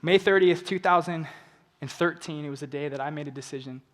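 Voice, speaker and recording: A young man with a slightly high voice tells a personal story to an audience. He drops to hushed, emotional lows and rises to urgent appeals. His voice rings with the long reverb of a large event hall. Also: brisk. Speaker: motivational speaker. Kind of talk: inspirational stage talk.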